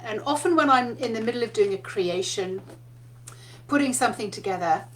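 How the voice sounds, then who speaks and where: A woman's voice: mid-range voice, a little hiss or hum. A woman giving a casual spiritual talk, telling stories in a chatty way and laughing often. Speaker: spiritual teacher.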